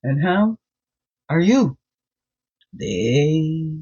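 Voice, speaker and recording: A woman's voice: deep voice, very animated, very slow, dark tone, slightly rough. Woman host of a daily card-reading vlog; sing-song, heartfelt chatter over muffled lo-fi audio. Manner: sing-song greetings, chatty and openly emotional, frequent laughs. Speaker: spiritual guide and medicine woman. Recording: dull lo-fi sound.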